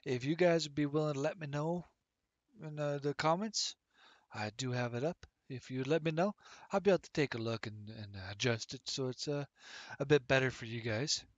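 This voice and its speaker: A man's voice: medium pitch, moderate pace, no room sound, muffled recording. A man talking casually as a game streamer in a rambling, chatty way with plenty of fillers. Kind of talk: casual gaming commentary.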